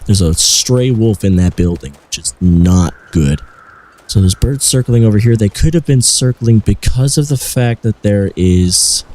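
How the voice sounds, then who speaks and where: A man's voice: on the low side, animated, a little slow, darkish tone. A young man casually commenting on his own gameplay, thinking aloud as he explores and loots. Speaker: gaming channel host. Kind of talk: let's play commentary.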